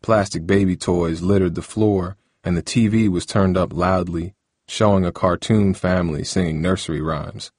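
A man narrating an audiobook in a steady, even storytelling voice. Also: deep voice, moderate pace, dry recording, studio quality.

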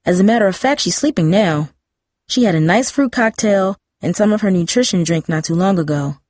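A woman's voice: mid-range voice, lively intonation, a little fast, no echo, clean studio sound, close to an everyday voice. A woman voicing a kindly, reassuring middle-aged neighbor in a storybook reading. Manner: warm, reassuring.

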